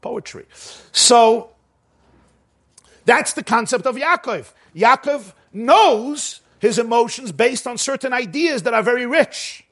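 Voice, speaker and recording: A man teaching a Torah class. He reads the source text fast, translates it, then explains it with slow, emphatic phrasing and an occasional chuckle. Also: extremely high pitch, lively intonation, a bit bright.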